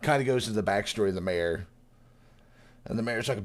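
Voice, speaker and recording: A man's voice: on the low side, fairly quick, long pauses. A man recapping a story in a casual podcast chat, acting it out eagerly and laughing often. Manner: animated storyteller who acts out quotes, laughs often. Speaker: podcast co-host, new reader.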